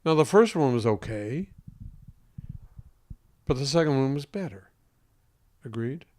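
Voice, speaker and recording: A man working as a voice coach, speaking to an interviewer in a deliberate, emphatic way with pointed pauses and a singer's trained voice. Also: medium pitch, big pitch swings, a little mellow.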